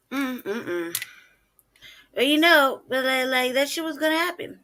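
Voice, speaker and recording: A woman's voice: high-pitched, bright, forceful tone. A woman hosting a casual reaction show, laughing often and commenting in loose slang. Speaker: host reacting to videos.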